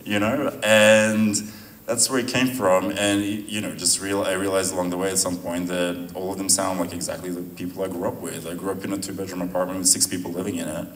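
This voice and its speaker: Low-voiced man in a roomy hall. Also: fairly quick. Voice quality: relaxed, rambling, laughs often. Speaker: filmmaker answering audience questions. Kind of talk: post-screening Q&A. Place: venue hall at a screening. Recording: roomy sound from a distant mic, faint noise.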